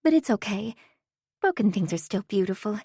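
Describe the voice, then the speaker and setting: A woman voicing Celeste, a gentle, dreamy older shopkeeper with long graying hair. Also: mid-range voice, lively intonation, normal speed, slightly rough, no room sound, studio quality, pitched above the performer's own voice. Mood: soft.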